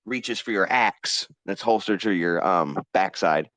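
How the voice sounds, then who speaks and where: Low-voiced male game master. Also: unhurried, a bit bright, dry recording. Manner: casual, descriptive, swears freely. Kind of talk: narrating a tabletop game.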